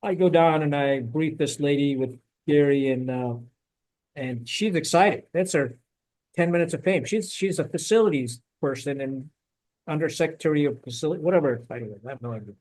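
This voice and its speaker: A middle-aged man in a relaxed podcast conversation, spinning a military yarn with lots of energy. His voice sits a bit high for a man, and he slips in quick impressions of the people in his story and swears casually as he goes. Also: rough recording. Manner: animated storyteller, acts out quotes, swears. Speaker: podcast host, former Marine officer.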